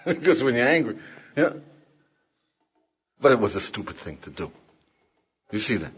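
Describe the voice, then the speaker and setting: Older man, rabbi, classroom lecture, husky, lively pitch, muffled old recording. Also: moderate pace, long pauses. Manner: animated, asks the class questions, acts out quotes.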